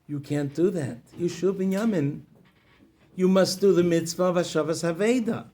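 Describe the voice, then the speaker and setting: Speaking straight to his audience, a rabbi with a high voice and normal speed expressively relates a story full of moral lessons.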